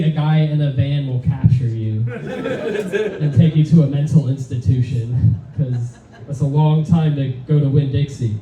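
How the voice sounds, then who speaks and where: A man doing a stand-up set in a club with a deadpan, halting delivery full of fillers. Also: fairly high pitch. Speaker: stand-up comic. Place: comedy club, open mic. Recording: echoey room from far off. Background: audience laughter.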